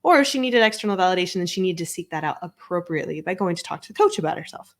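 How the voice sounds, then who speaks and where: A woman therapist hosting a podcast, explaining ideas in a lively way with examples. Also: lowish voice. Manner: animated, explains with examples, quick laughs. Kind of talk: casual chat.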